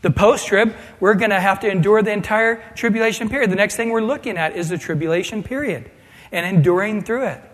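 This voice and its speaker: A man's voice: high voice, a little fast. A man preaching an expository sermon, reading scripture aloud and then explaining it in a conversational way with wry asides. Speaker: pastor. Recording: long hall reverb.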